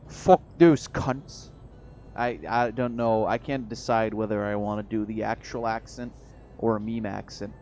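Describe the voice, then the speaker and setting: A man's voice: fairly low pitch, flat delivery, a little mellow, a little hiss or hum. A man chatting casually on a stream, rambling and swearing with frequent restarts. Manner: rambling, profane, halting restarts.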